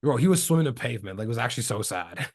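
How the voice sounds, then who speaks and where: A young Canadian man appears as a podcast guest, telling slangy stories in casual chat and acting out the voices of people he quotes. His voice is medium in pitch, animated, slightly mellow, and rapid-fire.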